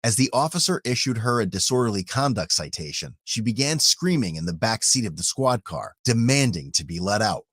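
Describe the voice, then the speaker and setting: A man's voice: on the low side, sing-song, a little fast, few pauses, fairly bright tone, dry recording, studio quality. A man reading matter-of-fact scripted narration. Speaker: documentary narrator.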